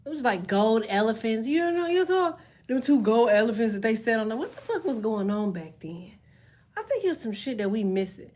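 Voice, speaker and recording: Woman streamer, AAVE speaker, animated and profane storyteller, slightly high-pitched. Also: normal speed. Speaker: live streamer reading chat. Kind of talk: casual storytelling chat.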